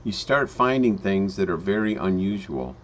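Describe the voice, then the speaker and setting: A man telling a home-business parable in a storytelling manner, with slow emphatic phrasing and frequent restarts. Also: deep voice, lively intonation, a little hiss or hum. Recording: dull lo-fi recording.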